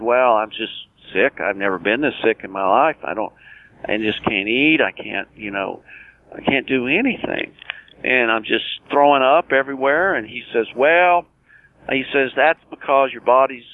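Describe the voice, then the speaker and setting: An earnest man in his sixties tells his own survival story in a plain-spoken way, acting out old conversations as he goes. His voice comes through a thin, tinny phone line, at an ordinary pitch for a man. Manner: earnest, plain-spoken, with many restarts and quoted dialogue. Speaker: guest, cancer survivor. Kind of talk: personal storytelling interview.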